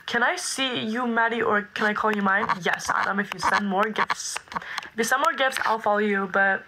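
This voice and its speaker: A woman's voice: medium pitch, normal speed, background noise. A young woman hosting a casual livestream, reading viewer comments aloud and greeting viewers by name. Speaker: livestream host.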